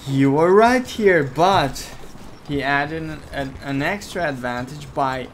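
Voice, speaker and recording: A man whose first language is Romanian talks through a strategy game match at an unhurried pace. He chats casually and grows heated when arguing a point. A faint hiss sits under his voice. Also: on the high side. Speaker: commentator. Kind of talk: casual gaming commentary.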